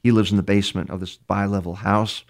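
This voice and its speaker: A criminal profiler from New York tells case stories in a conversational interview, his low voice flat and fast. He restarts often, repeats words, and acts out what other people said within his stories.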